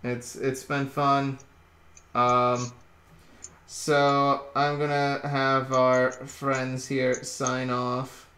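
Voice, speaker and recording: A man hosting a casual late-night stream chat from home, rambling and jokey with halting restarts. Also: mid-range voice, completely flat delivery, bright, forceful tone. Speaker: stream host. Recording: roomy echo.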